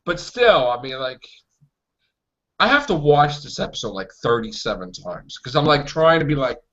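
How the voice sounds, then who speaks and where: A man hosting a casual fan chat, excitable, stammering and restarting, acting out quotes. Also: mid-range voice, moderate pace, background noise. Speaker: podcast host. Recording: dull lo-fi recording.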